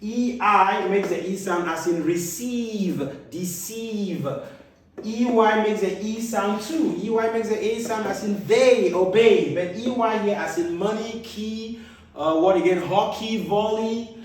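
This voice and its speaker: A man teaching a phonics lesson, repeating letter sounds and example words slowly, recorded in an echoey room. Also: high-pitched, distant mic, slight background noise. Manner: slow, drawn-out repetition of sounds and example words. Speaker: reading teacher.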